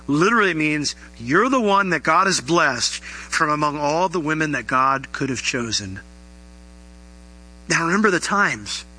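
A middle-aged man preaching with a very bright, ringing voice pitched a little high. He talks in an animated way and lifts into emphatic questions aimed at his listeners. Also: rough recording. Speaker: pastor. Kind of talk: sermon.

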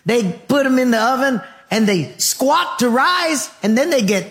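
A man's voice: very high voice, expressive, moderate pace, fairly bright tone, pitched above the performer's own voice, full character voice. A man doing a drawling country ranch cook. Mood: folksy. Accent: rural American country. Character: folksy male ranch cook, joking and easygoing.

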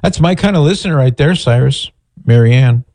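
A man's voice: medium pitch, expressive, normal speed, darkish tone, no echo. A man hosting a call-in radio show, chatting in a folksy way and joking with his producer. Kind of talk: casual call-in radio talk.

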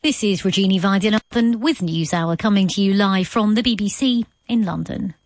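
A woman presents live radio news with a crisp, formal delivery. The studio sound is dry and close, and her pitch sits in a middle range. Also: moderate pace, no room sound.

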